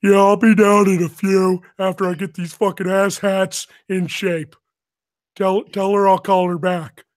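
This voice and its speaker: A man's voice: sits high, level tone, a little slow, voice pushed up. A man imitating an angry, foul-mouthed male drill sergeant who barks profane orders. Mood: gruff. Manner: barking, profane yelling.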